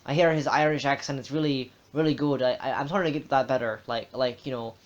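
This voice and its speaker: A young man chatting on a podcast, halting and stuttering, restarting his sentences often. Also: medium pitch, steady tone. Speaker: podcast co-host. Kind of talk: casual chat. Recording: dull lo-fi sound.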